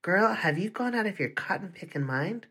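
A reader putting on a sassy, streetwise teenage girl with a blunt tongue and a teasing lilt. It sounds like a storybook reading at a middling pitch. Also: expressive, moderate pace, fairly bright tone, husky. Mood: scornful. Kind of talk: audiobook reading.

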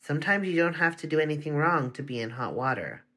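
An audiobook reader voicing a kind, motherly woman assistant principal who speaks in a warm, reassuring way. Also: medium pitch, expressive, quick pace. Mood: gentle. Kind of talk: audiobook reading.

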